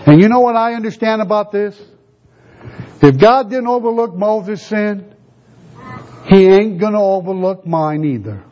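A preacher with a notably high voice delivers a sermon, firing rhetorical questions at his listeners. He slows right down to lean on scripture verses word by word. The recording is muffled and lo-fi. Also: animated, warm tone. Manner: rhetorical questions, drawn-out emphatic scripture reading. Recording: dull lo-fi recording.

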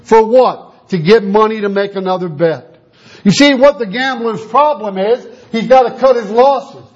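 A man's voice: sits high, moderate pace. A man preaching a sermon, telling a story and acting out the voices of the people in it. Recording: dull lo-fi sound.

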